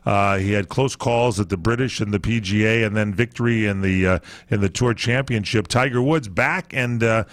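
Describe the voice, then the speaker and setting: A man's voice: fairly low pitch, normal speed, hardly any pauses. A man co-hosting a sports talk radio show, rambling with lots of fillers as he reads through a list of stories.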